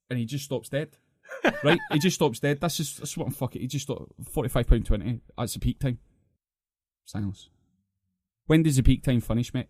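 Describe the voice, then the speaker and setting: A man's voice: medium pitch, a little fast, darkish tone, no echo, studio quality. A Scottish man co-hosting a podcast, telling long profane stories in a ranting manner. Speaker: podcast co-host. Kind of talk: casual chat, long sweary anecdotes.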